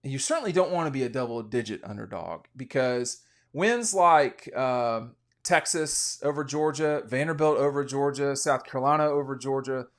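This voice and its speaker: Medium in pitch and normal in speed, a man hosts a relaxed college football podcast. He offers rambling, strongly opinionated betting talk with frequent restarts.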